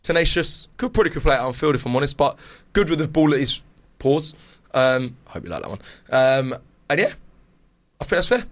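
A man's voice: medium pitch, sing-song, brisk, no echo. A man from England co-hosting a casual football podcast in a studio, joking and laughing often. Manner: jokey, laughs often, teasing. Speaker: podcast co-host. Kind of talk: casual banter.

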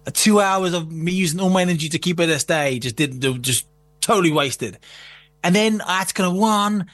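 A man's voice: high-pitched, a little fast, a bit bright. A man telling a story in casual chat, swearing and laughing as he goes. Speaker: guest.

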